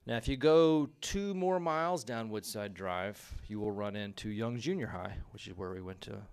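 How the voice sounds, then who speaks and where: A man from Texas, calmly setting the scene for a funny personal story. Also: on the low side, moderate pace, gravelly, clear, resonant tone.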